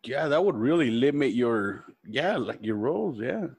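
A male podcast host chats in a laid-back, loose way and swears casually. His voice sits at an ordinary middle pitch. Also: very animated, normal speed, darkish tone, husky.

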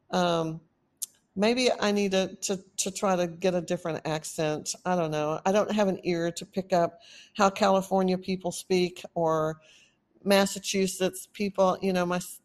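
A woman's voice: lowish voice, steady tone, a little slow. A woman with a Texan accent hosting a podcast, giving an urgent, earnest motivational monologue that rambles with fillers. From Texas. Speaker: podcast host.

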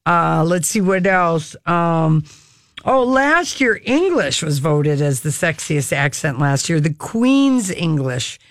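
A woman's voice: sits low, slow pace, dry recording. Chatty woman radio co-host, dry studio sound. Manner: chatty, animated storyteller. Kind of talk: casual radio chat.

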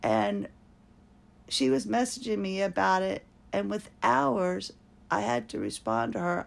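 A woman hosting a podcast, talking through her own story in a slow, halting way and searching for her words. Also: mid-range voice, big pitch swings, vocal fry. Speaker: podcast host. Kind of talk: personal monologue.

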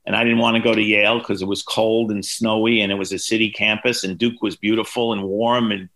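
A man in his sixties tells story after story as a podcast guest, his voice lowish but bright and forceful. He acts out the people in his anecdotes, jumping up in pitch for their lines. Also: fairly quick. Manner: lively anecdotes, voices quoted people with big pitch jumps. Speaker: author and guest.

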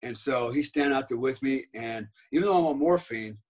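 A man's voice: medium pitch, fairly quick, a little mellow, rough recording. A man, a podcast guest and former special forces soldier, telling a rambling story in casual talk, peppered with "right?" and "man".

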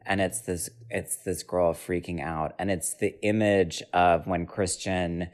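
A man's voice: low voice, unhurried, hardly any pauses. A man chatting casually and playfully, joking around between stories. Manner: playful, joking, doing mock accents. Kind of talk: casual chat.

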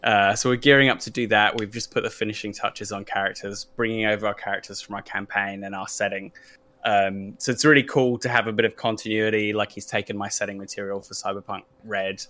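A man with a bright, forceful voice pitched a little low, talking casually about his tabletop game projects. He stumbles through plenty of ums and uhs and restarts as he goes. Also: fairly even intonation, fairly quick. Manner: hesitant, many fillers and restarts. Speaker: podcast host and game master. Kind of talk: casual panel chat.

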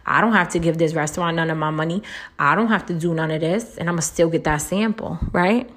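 A woman giving relationship advice in a casual monologue, blunt and profane, tagging nearly every point with a rhetorical "right?" and jumping much higher in pitch when she pushes a point. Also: brisk. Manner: lively, swoops up high when making a point.

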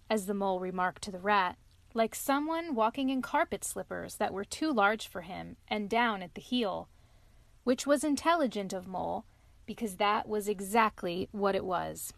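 A mother hosting a show and reading a bedtime story aloud in a calm, steady way. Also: medium pitch, gravelly, dry recording.

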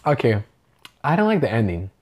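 A man's voice: medium pitch, big pitch swings, a little fast, a loud crowd. Drunk guy rambling on, cursing, lots of dude and bro, voice jumps all over. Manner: rambling, swears a lot, says "dude" and "bro". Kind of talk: casual chat.

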